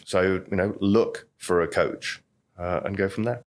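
Middle-aged bartender guest, rambling anecdotal storyteller, slightly low voice. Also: male voice, fairly even intonation, a little slow. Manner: chatty, anecdotal, lots of "you know". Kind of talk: storytelling interview talk.

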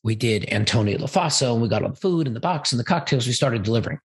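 A man, an event organizer and interview guest, telling a rambling, animated story and acting out quoted dialogue. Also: mid-range voice, fast, slightly rough. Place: Los Angeles.

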